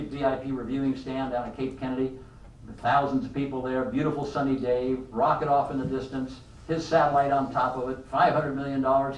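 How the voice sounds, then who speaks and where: An older man giving a motivational leadership talk to a live audience, an animated storyteller who keeps asking the room questions. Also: medium pitch, roomy sound, recorded from a distance, muffled recording, a little hiss or hum. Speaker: leadership speaker.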